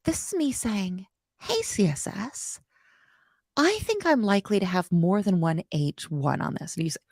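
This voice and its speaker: A woman leads a live coding lesson in a chatty, self-deprecating way, her pitch swinging widely as she talks. Her voice has a gravelly fry at the ends of phrases. The sound is dry and close, with no room around it. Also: animated, moderate pace, darkish tone, no room sound. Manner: slips into playful quoted voices and whispers. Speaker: coding instructor on a live stream.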